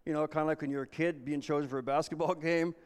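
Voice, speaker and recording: A man's voice: a little high, steady tone, fast, clear, resonant tone. A man preaching a sermon as pastor, earnest and repeating himself as he restarts phrases. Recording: long reverb of a large hall.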